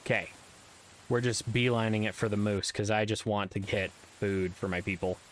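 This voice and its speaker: A man's voice: fairly low pitch, level tone, normal speed, slight background noise, poor audio. Rambling man commenting on gameplay. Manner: rambling, self-deprecating, frequent ums and uhs. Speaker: let's play gamer.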